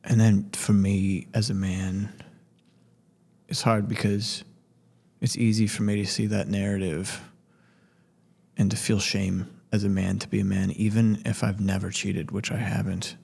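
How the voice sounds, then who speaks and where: Slow, gravelly, halting man. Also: fairly low pitch, level tone, a little mellow. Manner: halting, searching, repeats words. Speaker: podcast co-host. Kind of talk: reflective personal talk.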